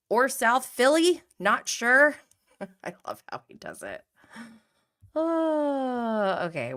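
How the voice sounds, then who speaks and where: A woman in her thirties hosts a casual reality TV podcast, talking in a chatty, animated way. Her voice sits a little low, and she laughs often as she greets live chat viewers by name. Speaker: podcast host.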